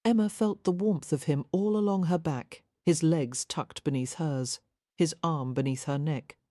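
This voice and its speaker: A woman with a low, mellow voice narrates a historical romance in soft, measured storytelling. The recording is dry and close. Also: no room sound. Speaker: audiobook narrator. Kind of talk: scripted narration.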